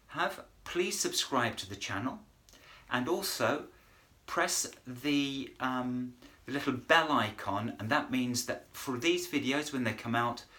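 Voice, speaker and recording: A man's voice: mid-range voice, bright, forceful tone. A man teaching Spanish verbs in a video lesson, chatty and encouraging, with self-deprecating humour. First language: English. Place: in front of a whiteboard.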